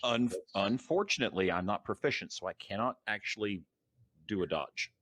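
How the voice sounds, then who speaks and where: Tabletop player, a man with a low, bright, forceful voice; matter-of-fact, explains rules. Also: lively intonation, moderate pace. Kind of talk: casual tabletop game chat.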